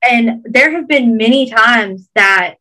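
A woman's voice: on the high side, slow, bright, forceful tone, rough recording. A woman with a Georgia Southern accent, earnestly encouraging listeners in a casual podcast chat.

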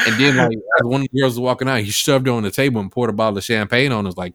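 A man's voice: lowish voice, racing, fairly bright tone, no room sound. A man hosting a podcast, chatting casually and rambling with lots of fillers as he retells a story. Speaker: podcast host. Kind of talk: casual chat.

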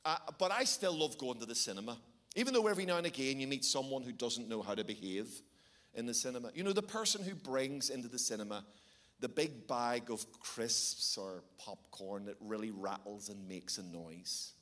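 A middle-aged Irish man preaching a sermon, telling stories with animated, sometimes shouted bursts. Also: medium pitch, normal speed. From Ireland. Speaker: pastor.

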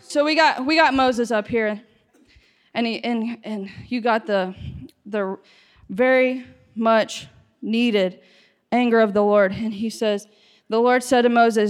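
A high-voiced woman preaches a sermon a little slowly, rising from steady teaching to impassioned shouting. A long reverb carries her words through the hall.

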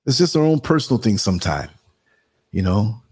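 A man's voice: lowish voice, very animated, a little fast, darkish tone, breathy edge. A man with a New York accent hosting a casual live stream, chatting to viewers and muttering asides as he works the computer. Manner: conversational, muttering asides while working the computer. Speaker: live show host. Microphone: computer streaming setup.

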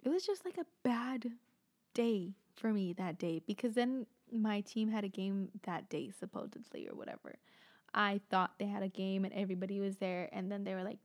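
A woman's voice: mid-range voice, animated, normal speed, a little mellow. A young woman hosting a podcast from home at night, talking in a casual, rambling way, swearing often and leaning on "like" as filler. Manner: frank, swears often, heavy use of "like". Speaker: podcast host.

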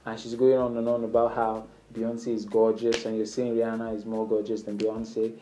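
A man's voice: monotone, normal speed, mellow, a little hiss or hum, rough recording. A man talking casually to the camera, giving flirting advice in an instructive way. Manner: instructive, acts out sample lines in a higher playful voice. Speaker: dating advice speaker.

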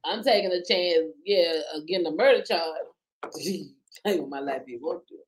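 A woman co-hosting a casual podcast chat, blunt and profane, laughing often and swinging between low mutters and loud outbursts. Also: normal speed. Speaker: podcast co-host.

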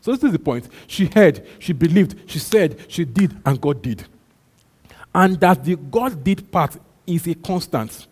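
A man's voice: fairly high pitch, animated, measured pace, breathy edge. A male pastor preaching a sermon, emphatic and repetitive, calling out to his congregation. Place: church. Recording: long hall reverb.

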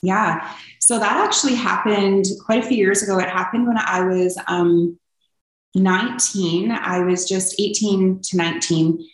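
A woman's voice: mid-range voice, steady tone, a little slow. A young woman telling her personal story as an interview guest, earnest and open, with frequent ums. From Canada. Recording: echoey room.

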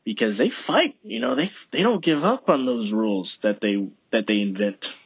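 On his own podcast, a man rambles through a casual monologue to himself, peppering it with profanity. His medium-pitched, slightly rough voice has lively intonation and a moderate pace, and the muffled recording carries no room sound.

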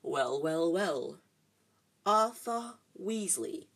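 A reader voicing a cold, sneering aristocratic wizard father who speaks slowly, quietly and with contempt in a storybook reading. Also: medium pitch, lively intonation, heavily acted. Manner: slow, quiet, drawn-out contempt.

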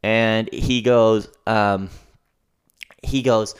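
A young man hosting a podcast, telling a story in an animated, ranting monologue and often asking "okay?". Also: fairly low pitch, slow pace, clear, resonant tone. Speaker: podcast host.

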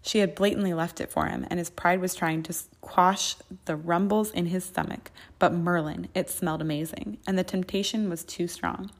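A woman narrates a fan fiction audiobook in a steady, even reading. Her voice sits slightly low. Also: moderate pace, vocal fry, hardly any pauses.

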